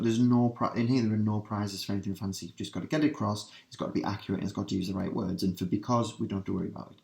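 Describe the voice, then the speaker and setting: A man teaching a revision lesson, working through translations step by step and asking his students quick questions. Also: fairly low pitch, vocal fry, darkish tone. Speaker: language teacher. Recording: roomy echo.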